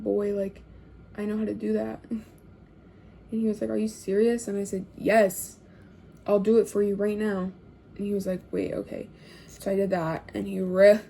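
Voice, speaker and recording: Chatty young woman with a gravelly, mellow voice. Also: medium pitch, slight background noise. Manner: chatty, filler-heavy, drops to hushed tones. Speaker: storyteller. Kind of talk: casual storytime.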